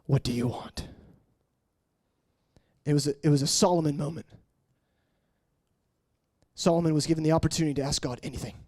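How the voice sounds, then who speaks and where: A man in his late twenties preaching an emotional personal testimony, shifting between hushed murmurs and raised, intense passages. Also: steady tone, fast, long pauses. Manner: earnest, swinging from hushed murmurs to raised, high-pitched intensity.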